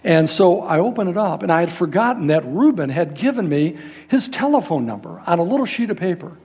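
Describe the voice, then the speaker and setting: An older man, a guest pastor, telling a story in a sermon in a folksy, animated way, acting out the people in it. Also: sits high, fairly quick, slightly rough. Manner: animated, folksy, quotes people in raised voices.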